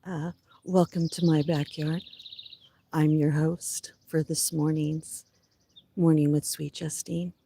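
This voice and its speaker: A woman's voice: low voice, vocal fry, dark tone, slightly rough. A woman hosting a casual livestream from outdoors in her backyard, chatting unhurriedly in her groggy morning voice and greeting viewers by name. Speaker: livestream host.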